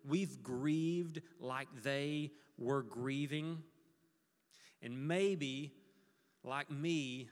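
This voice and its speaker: A man's voice: a little high, in a large hall. A man preaching an earnest sermon as pastor, leading his congregation to repeat a verse with him. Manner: earnest, leads congregation in call-and-response.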